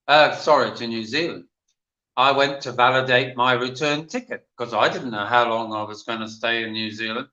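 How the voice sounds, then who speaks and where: A man's voice: medium pitch, sharp tone, reverberant, highs cut off. An older man with an English accent, telling rambling stories as a guest on a livestream panel chat. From England. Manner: chatty, rambling storyteller.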